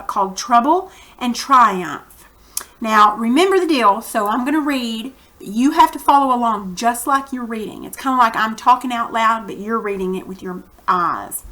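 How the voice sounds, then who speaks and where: A woman teacher reads a story aloud to her students, pausing to explain words and set up the lesson. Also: fairly high pitch, sharp tone. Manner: slow, careful, explanatory teacher talk.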